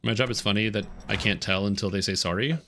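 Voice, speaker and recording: Clearly enunciating Canadian streamer man. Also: on the low side, fairly bright tone, slight background noise. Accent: general North American. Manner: chatty, deliberately clear enunciation. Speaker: game streamer. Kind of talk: casual live-stream chat.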